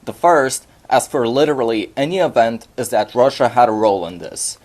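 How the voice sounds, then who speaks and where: A man narrating a scripted voice-over in a measured, explanatory way. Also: mid-range voice, lively intonation, a little mellow.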